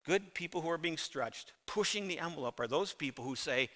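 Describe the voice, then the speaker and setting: A man's voice: fairly high pitch, animated, fairly quick, sharp tone. A middle-aged man preaching a sermon to his congregation, earnest and emphatic, repeating key phrases. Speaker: pastor. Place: church sanctuary. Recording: long hall reverb.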